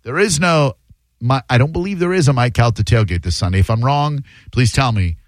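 Man, radio call-in host, teasing banter, average pitch, dry close mic. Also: expressive, no echo. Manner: teasing, quick-witted, mocking. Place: radio studio. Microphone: studio microphone.

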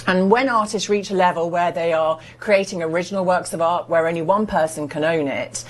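A woman's voice: fairly low pitch, fairly quick. A woman presenting artwork for sale, describing it and urging viewers to buy with eager persuasion. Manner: enthusiastic persuasive selling. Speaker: art sales presenter. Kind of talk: TV sales pitch.

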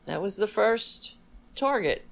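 A woman's voice: mid-range voice, animated, slow pace, vocal fry. A woman giving indignant, blunt reaction commentary on a video, swearing freely.

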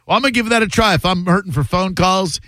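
A male talk radio host taking calls, blunt and opinionated, with a slightly raised pitch. He is miked close in a dry studio, with quick quips between calls. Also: fairly bright tone, no room sound.

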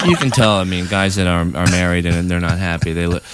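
A man doing a rambling, self-mocking stand-up bit on a radio show, slipping into quick mimicked voices. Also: lowish voice, fairly even intonation, a loud crowd. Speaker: stand-up comedian. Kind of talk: stand-up comedy set.

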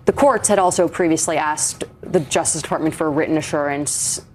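Lower-voiced woman news anchor. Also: brisk, a little mellow, soft background music. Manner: crisp, pointed, lightly wry.

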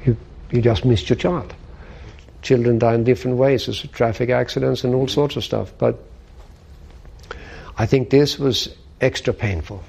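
A bereaved father speaking slowly and haltingly about grief in an interview. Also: mid-range voice, steady tone, creaky, darkish tone, slightly rough. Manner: slow, grieving, halting.

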